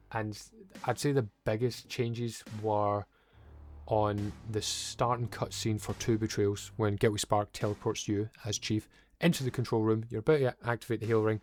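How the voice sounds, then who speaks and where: A man's voice: medium pitch, steady tone, normal speed, a little mellow, faint music behind. A young man giving a casual, rambling, opinionated video game review and swearing now and then.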